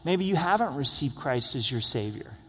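A man's voice: mid-range voice, expressive, moderate pace, pushed and bright, in a large hall. A man preaching an expository sermon as a pastor, earnest and conversational, building to emphatic questions.

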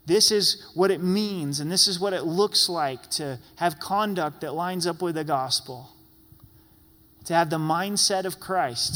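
A man preaching a sermon in a lively way, playfully acting out grumbling voices. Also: on the high side. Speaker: pastor. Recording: long hall reverb.

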